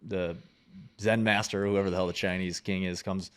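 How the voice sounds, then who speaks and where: A man hosting a casual interview, relaxed and swearing freely as he tells a story. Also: deep voice, moderate pace, clean tone. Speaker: podcast host.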